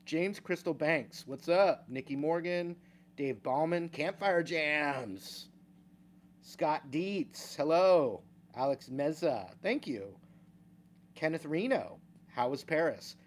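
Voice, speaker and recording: A man's voice: a little high, darkish tone. A man hosting a casual livestream, reading out viewer names and chatting at an easygoing pace with small laughs. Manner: slow, easygoing, chuckles between names. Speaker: guitar teacher and livestream host.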